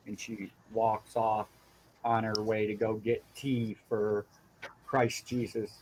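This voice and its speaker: A man narrating a tabletop game as game master in a relaxed, descriptive way. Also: on the low side, takes it slowly, a little hiss or hum, low-quality recording.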